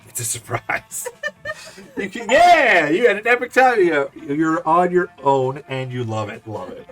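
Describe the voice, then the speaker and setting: A man hosts a let's-play, reading the game's story text aloud with playful, animated delivery. His voice is bright and swings widely in pitch, with faint background music underneath. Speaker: gaming channel host.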